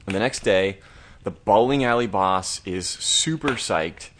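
On a horror review podcast, a male co-host casually rambles through an episode recap, throwing in the odd curse. His voice sits on the low side, a bit bright, and he speaks unhurriedly.

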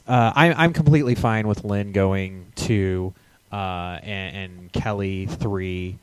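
A man's voice: low voice, slow pace, clear, resonant tone, no room sound. A man co-hosting a live sports podcast, chatting casually and rambling with frequent stammered restarts. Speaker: podcast co-host.

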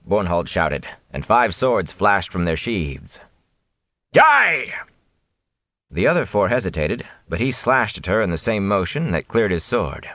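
A man narrating a fantasy audiobook with dramatic, expressive storytelling. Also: low-pitched, dry recording.

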